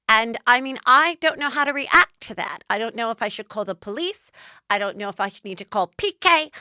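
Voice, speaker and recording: A woman's voice: on the high side, sharp tone, no echo, clean studio sound, voice pushed up. A woman putting on a prissy, glam-loving woman who asks fussy, indignant questions.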